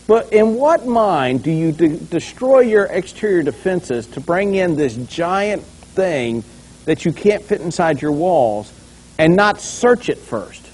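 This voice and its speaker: A male pastor preaching in a lively, conversational way, his voice swinging widely in pitch. The tone is somewhat raised and has a husky, breathy grain. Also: takes it slowly. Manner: animated, conversational, acts out scenes. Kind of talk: sermon.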